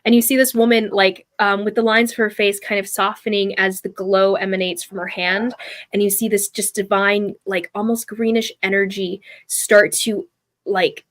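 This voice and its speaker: A woman running a tabletop game as game master, narrating the scene in a loose, meandering way with many fillers. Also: medium pitch. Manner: descriptive, meandering with fillers and restarts.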